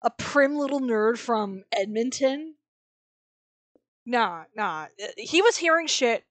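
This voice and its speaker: A woman's voice: fairly high pitch, animated, slow pace, no echo. Blunt, sarcastic woman podcast co-host. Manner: blunt, sarcastic, swears freely. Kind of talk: casual podcast chat, reading quotes aloud.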